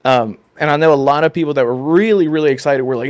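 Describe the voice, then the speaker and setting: Male podcast co-host, fairly high voice, animated and laughing, casual chat. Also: fast. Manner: animated, laughs often, many restarts.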